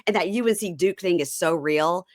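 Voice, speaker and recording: Middle-aged host lady from mississippi, lower voice, chatty, laughs a lot. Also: a crowd in the background. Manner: chatty, laughs often, quick asides. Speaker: podcast host. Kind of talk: casual chat.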